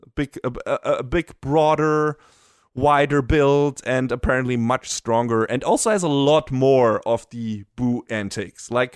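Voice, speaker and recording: A man's voice: mid-range voice, no echo, studio quality. A man co-hosting a podcast, chatting casually and enthusiastically, swearing and laughing often. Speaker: podcast co-host. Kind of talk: casual anime review chat.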